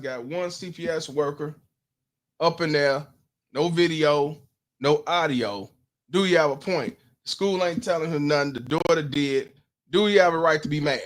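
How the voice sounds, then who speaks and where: A man, hosting a commentary stream, blunt and profane, putting questions to his audience. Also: a little high. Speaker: host.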